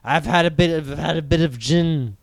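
A man's voice: fairly high pitch, moderate pace, gravelly, no room sound, clean studio sound. A man voicing a drunk, self-pitying old English ghost mentor who wails and pleads at a door. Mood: drunk pleading.

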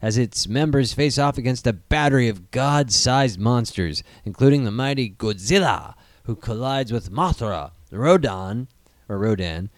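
A young man hosting a casual movie news podcast, animated and profane, breaking into excited outbursts. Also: mid-range voice, normal speed, hardly any pauses, no room sound, studio quality. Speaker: podcast host.

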